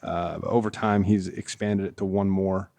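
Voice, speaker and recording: Gravelly-voiced man telling golf-tour anecdotes. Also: low-pitched, little pitch movement, normal speed, darkish tone. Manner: rambling anecdotes, frequent laughs, many fillers. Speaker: golf equipment tour rep, guest. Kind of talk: casual podcast interview.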